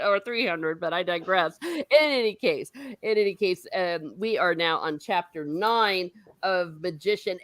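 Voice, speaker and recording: Hosting a book discussion show, a woman chats casually, rambling with frequent fillers and laughing often. Her voice is lowish and the recording is dry.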